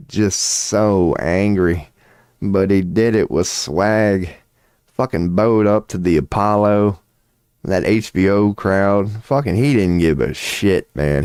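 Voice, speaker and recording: Man, deep low voice, dry close sound, casual livestream rant, rambling, profane, excitable. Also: clear, resonant tone, no echo. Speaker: streamer offering tarot readings.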